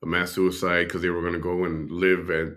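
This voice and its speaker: A male host giving casual reaction commentary. His voice is very deep yet bright and forceful in tone. He rambles and thinks aloud to his viewers. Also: flat delivery, brisk.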